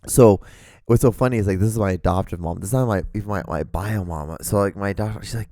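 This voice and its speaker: Low-voiced man rambling a story. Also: dark tone, no room sound, clean studio sound. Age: 30s. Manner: casual, profane, halting with many restarts. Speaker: podcast host.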